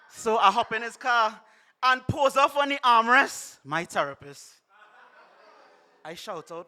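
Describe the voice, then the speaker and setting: Young trinidadian poet, high bright voice, theatrical comic spoken word onstage. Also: male voice, animated, a little slow, pauses often. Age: young adult. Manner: theatrical, alliterative and punchy. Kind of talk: comic slam poetry performance. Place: live stage at a poetry slam.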